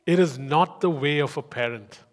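A man's voice: a little high, moderate pace. A man preaching a sermon in an emphatic way, often repeating lines for weight. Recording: long hall reverb.

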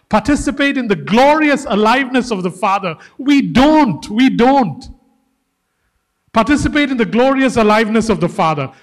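A man's voice: very high-pitched, a bit bright, big-room sound. A male preacher giving a sermon, emphatic, repeating key phrases and calling his listeners guys.

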